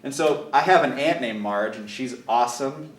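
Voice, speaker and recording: A man telling an animated story in casual chat, laughing often. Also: medium pitch, moderate pace. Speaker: guest. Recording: roomy, from a distance.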